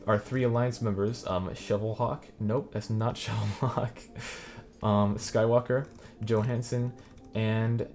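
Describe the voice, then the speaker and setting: Male host, relaxed game commentary with easy chuckles and filler words; low voice, music bed underneath. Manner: chuckling, loose, trailing off into fillers. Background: background music.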